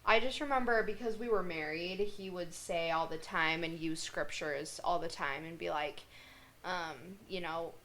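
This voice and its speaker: A woman with a fairly low voice hosts a podcast conversation. She speaks in a steady, supportive way and often affirms what her guest says. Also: moderate pace, a little hiss or hum, rough recording. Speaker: podcast host. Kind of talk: conversational interview.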